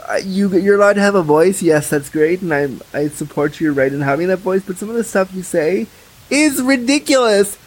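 A man's voice: high-pitched, a little fast, hardly any pauses, breathy edge, rough recording. A young man talking frankly and chattily as a podcast guest, full of fillers. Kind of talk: candid casual conversation.

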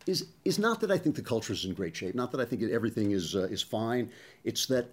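Low, husky-voiced male podcast host. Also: lively intonation, fast. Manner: conversational, digressive, frequent ums and uhs. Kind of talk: casual commentary monologue.

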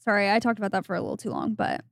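A young woman co-hosting a podcast, telling a story in animated casual chat and acting out what people said. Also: medium pitch, very fast, vocal fry, no room sound, clean studio sound. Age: young adult. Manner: animated gossipy storytelling with quoted voices. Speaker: podcast co-host.

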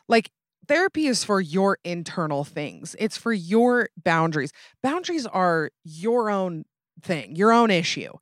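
A young adult woman, hosting a casual solo podcast in a chatty, animated way with frequent asides. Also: on the low side, no room sound, clean studio sound. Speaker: podcast host.

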